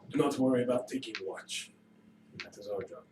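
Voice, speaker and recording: A man voicing a gruff Goliath mercenary who speaks in hushed, broken sentences. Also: medium pitch, fairly quick, very noisy, natural voice. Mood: calm. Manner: broken speech, muted and hushed. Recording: roomy distant mic with music.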